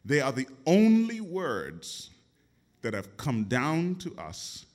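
A man's voice: on the high side, wildly swooping pitch, takes it slowly, darkish tone. A man preaching a sermon, dramatic and emphatic, calling out questions to his congregation. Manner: dramatic, call-and-response, emphatic.

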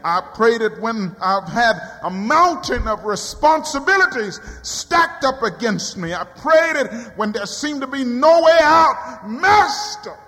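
A man preaching a sermon in a church, swinging from quiet low passages to high cries. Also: sing-song, unhurried, hardly any pauses. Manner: dramatic rising cries and quiet drops. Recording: long hall reverb.

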